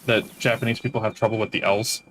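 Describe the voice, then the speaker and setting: A man's voice: lowish voice, fairly even intonation, fast talker, fairly bright tone, slight background noise, low-quality recording. A man streaming games, telling long casual stories that trail off and restart. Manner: rambling storyteller, trails off mid-sentence. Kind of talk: casual chat while gaming.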